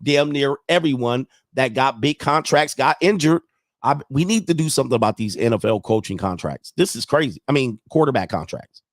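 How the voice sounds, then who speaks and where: A man's voice: medium pitch, animated, fairly quick, no echo, studio quality. A man hosting a casual sports livestream, thinking aloud as he goes and chuckling often while he reads viewer messages. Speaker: sports show host.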